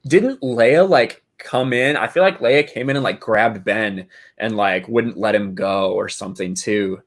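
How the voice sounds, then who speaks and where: A man's voice: fairly low pitch, a little slow. A man in casual podcast chat who thinks aloud, with many fillers like "uh" and "like". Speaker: podcast co-host.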